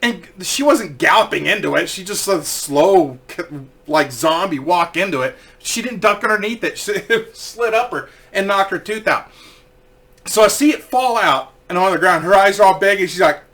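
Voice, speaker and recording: A young man casually telling funny stories, animated, swearing freely and laughing as he goes. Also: high voice, moderate pace. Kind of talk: casual comedic storytelling.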